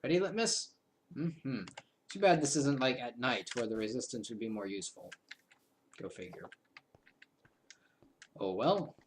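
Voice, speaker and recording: A man's voice: mid-range voice, measured pace, pauses often, slight background noise. Rambling young man narrating a game. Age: 20s. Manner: rambling, self-mocking asides. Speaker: gaming video host. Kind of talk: casual game commentary.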